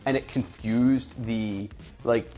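A man hosting a casual chat about video games, reading out list entries with quick asides. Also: mid-range voice, steady tone, dark tone, faint music behind. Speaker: podcast host reading out a list.

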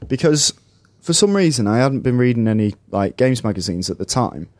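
A man's voice: medium pitch, big pitch swings, brisk, a little mellow, no echo, clean studio sound. A man with a Mancunian accent co-hosting a casual podcast, telling stories in a chatty, rambling way and reading out listener answers. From Manchester, England. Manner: chatty, rambling, laughs often. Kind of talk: casual chat.

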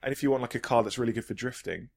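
A man's voice: medium pitch, rapid-fire, gravelly. A man chatting enthusiastically on a podcast, rambling with frequent restarts. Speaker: podcast host. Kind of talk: casual podcast chat.

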